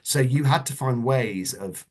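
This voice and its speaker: A middle-aged man, a guest in a casual interview, telling anecdotes in a chatty way with lively asides. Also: medium pitch, measured pace. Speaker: interview guest, former children's TV producer.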